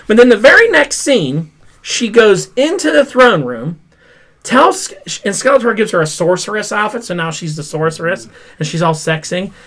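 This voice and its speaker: A young man hosting a casual pop culture review podcast, recapping a show in an animated, exasperated way, full of "like" and swearing. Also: sits high, moderate pace. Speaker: podcast host.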